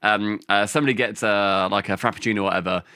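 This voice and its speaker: A young man co-hosting a casual chat, excitable and sweary, rambling through his points with fillers and laughs. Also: fairly low pitch, quick pace, clear, resonant tone, dry recording, clean studio sound. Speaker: podcast co-host.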